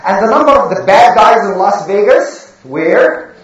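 Lively storyteller in an echoey room. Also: mid-range voice, a little slow. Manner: lively, with questions to the listeners. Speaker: religious storyteller. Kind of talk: storytelling lesson for children. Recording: echoey room, far from mic, dull.

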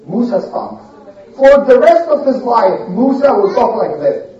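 A man telling a religious story to children in an animated way, often pausing to quiz them. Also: very high-pitched. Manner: animated, asks children questions. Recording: echoey room, distant muffled mic.

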